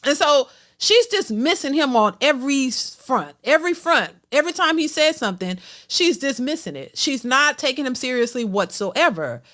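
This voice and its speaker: A woman with a high-pitched voice talks through her reaction to a clip and airs her opinions as she goes. She often stammers and restarts her sentences. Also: fairly bright tone. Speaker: reaction channel host. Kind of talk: reaction commentary.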